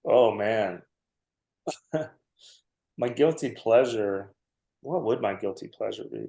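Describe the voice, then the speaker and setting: A man's voice: fairly low pitch, slow, creaky, dark tone. A man in his forties, a comedian guest, telling a long, self-mocking story on a podcast and laughing often. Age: 40s. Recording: roomy echo.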